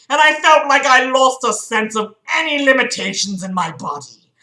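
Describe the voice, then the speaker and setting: A woman's voice: a little high, animated, normal speed, sharp tone, reverberant. A woman reading a book aloud on a livestream, breaking off often to mock it with sarcastic, laughing, sweary commentary. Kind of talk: mocking read-aloud with commentary.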